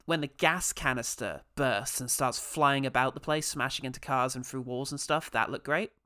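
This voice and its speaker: A man co-hosting a relaxed film podcast. He runs through his favourite scenes one by one and chuckles often. His voice is bright and forward, with a smooth, clean clarity. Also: medium pitch, normal speed. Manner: listing points, chuckling often. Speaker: podcast co-host. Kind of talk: casual film review chat.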